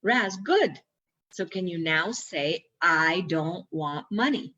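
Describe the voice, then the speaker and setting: Lady reading out a spiritual teacher's lines, low voice, bit emphatic, dull lo-fi sound. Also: lively intonation, slow, sharp tone, full character voice. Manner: read aloud from a workbook, lightly emphatic. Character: spiritual teacher guiding a student. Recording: dull lo-fi recording.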